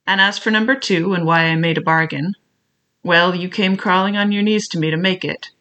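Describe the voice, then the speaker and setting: A cunning old pirate cook, voiced by a man reading aloud, coaxing one moment and threatening the next. His rough sailor grammar comes out in a bright, forceful tone. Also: sits high, steady tone, brisk, dull audio. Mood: scheming. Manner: wheedling then bullying, rough sailor talk. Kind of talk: audiobook character voice.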